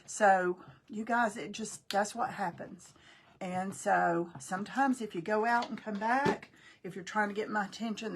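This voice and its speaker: A woman's voice: medium pitch, unhurried, noisy background. An older woman, chatting folksily with viewers on a crafting live stream as host. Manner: chatty, folksy, talks to viewers while working.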